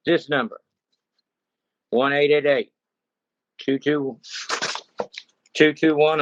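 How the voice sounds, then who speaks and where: A man's voice: mid-range voice, a bit bright, dry recording. Man, country rancher, rambling folksy storytelling, dull lo-fi dry recording. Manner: rambling, repeats himself, folksy. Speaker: consumer telling a scam story. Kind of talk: casual first-person account.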